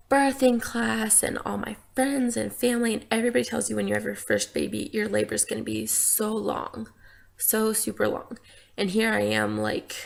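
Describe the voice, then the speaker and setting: A woman's voice: mid-range voice, creaky. A young woman vlogger casually telling a personal story, chatty and full of "like" fillers.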